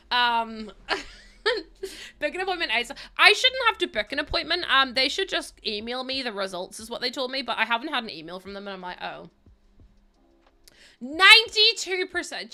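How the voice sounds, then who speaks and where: Bright chatty Northern Irish woman. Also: on the high side. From Northern Ireland. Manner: chatty, laughs often, swears casually. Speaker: streamer. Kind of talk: casual livestream chat while building in a game.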